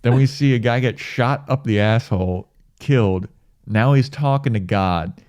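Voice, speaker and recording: A man's voice: medium pitch, measured pace, a little mellow, dry recording, highs cut off. A man co-hosting a podcast, retelling a film scene in casual, profane chat. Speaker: podcast co-host.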